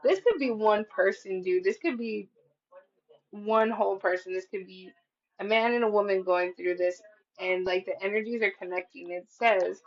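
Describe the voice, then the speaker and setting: A woman's voice: mid-range voice, normal speed, lo-fi sound. A woman giving a casual tarot reading, talking in a chatty, profane way with lots of "like". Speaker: tarot reader.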